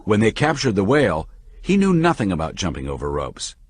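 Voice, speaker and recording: A man reading the part of a calm, patient manager who explains ideas to a younger man with lively emphasis. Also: fairly low pitch, fairly quick, husky, no echo, exaggerated voice. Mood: patiently explaining. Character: calm middle-aged male manager, patient teacher.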